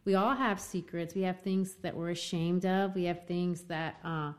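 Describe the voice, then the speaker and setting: A woman in a casual book discussion, retelling the story in an animated way. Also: on the low side, normal speed. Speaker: co-host discussing a novel.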